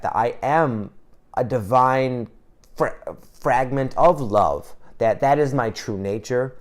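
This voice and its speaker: Emotional man telling a personal story. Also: mid-range voice. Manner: emotional, swearing freely, halting restarts. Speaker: vlogger.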